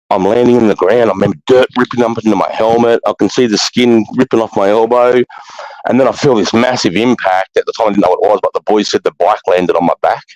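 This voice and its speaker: A man's voice: fairly low pitch, darkish tone, dry recording, poor audio. A man in his forties with an Australian accent, telling stories in a blunt, heavily swearing casual chat. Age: 40s. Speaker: podcast host.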